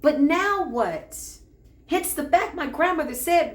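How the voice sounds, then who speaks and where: A woman giving a casual spiritual reading, talking in an animated, preachy way full of slang. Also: sits high, takes it slowly, roomy sound. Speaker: spiritual reader. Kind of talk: casual spiritual livestream talk.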